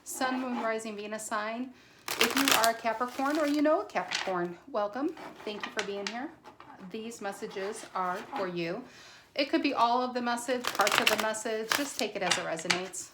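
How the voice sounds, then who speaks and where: A woman's voice: fairly high pitch, moderate pace, reverberant, very noisy. A woman giving a casual tarot reading to camera, chatty and a little self-conscious, restarting and stumbling over her words now and then. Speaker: tarot reader.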